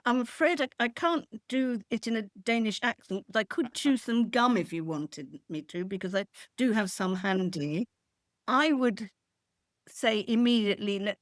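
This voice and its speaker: A woman's voice: medium pitch, dry recording, studio quality. A woman co-hosting a podcast, talking football in a wry, blunt way. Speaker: podcast co-host. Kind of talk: casual football chat.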